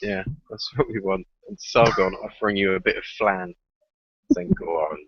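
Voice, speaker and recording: A man's voice: low voice, level tone, moderate pace, fairly bright tone, muffled recording. A man, trading jokes and teasing banter in a casual chat. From England.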